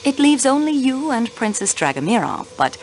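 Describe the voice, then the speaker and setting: An actress playing a young railway clerk turned investigator in a mystery video game, polite but insistent in questioning. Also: female voice, high-pitched, big pitch swings, normal speed, a little hiss or hum, rough recording. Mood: poised, probing. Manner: poised, probing, politely insistent.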